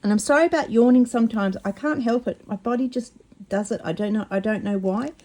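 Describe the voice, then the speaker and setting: A mellow-voiced woman talks through a craft project at her table. She is chatty and excitable, often tripping over her words. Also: on the high side, fairly quick. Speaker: craft vlogger. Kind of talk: casual craft demonstration.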